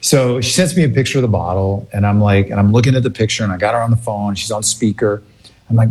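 A man telling a funny family story in a casual, animated way, laughing often. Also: fairly low pitch, quick pace.

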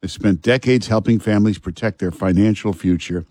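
Halting New radio host, low voice. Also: male voice, no room sound, studio quality. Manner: relaxed, halting, many "uh" fillers. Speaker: fill-in radio talk show host. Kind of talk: talk radio chat and live ad read. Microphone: studio microphone.

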